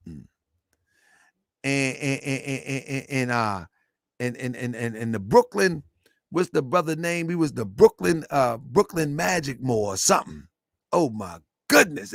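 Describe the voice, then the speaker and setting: A middle-aged man hosts a casual commentary show, his raised voice swinging widely up and down. There is a gravelly rasp to his delivery. He rambles, repeats phrases, and breaks into laughter, all captured dry and close. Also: on the high side, no echo. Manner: animated, rambling, repeats himself, bursts of laughter. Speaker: show host.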